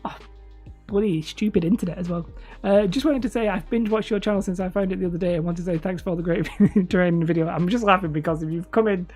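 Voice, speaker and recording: Husky woman with a slight lisp. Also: fairly low pitch, a little mellow. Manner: rambling, self-correcting, laughs often. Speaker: host streaming live and reading chat. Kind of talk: casual livestream chat.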